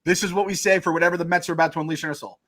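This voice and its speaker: Man, podcast co-host, casual sports chat, joking, rambling, profane, fairly high voice. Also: steady tone, very fast, sharp tone. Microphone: remote call.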